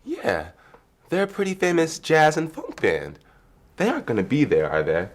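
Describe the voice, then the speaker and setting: A man's voice: a little high, huge pitch swings, moderate pace. A man playing a hesitant office coworker. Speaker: office worker in a lesson video. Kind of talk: scripted dialogue for learners.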